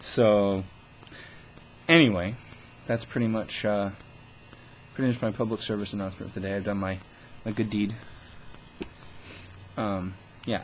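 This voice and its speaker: A man's voice: fairly low pitch, steady tone, unhurried, pauses often, a little hiss or hum, poor audio. A young man talking into the camera in a casual vlog, ranting with scorn and constant swearing. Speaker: vlogger.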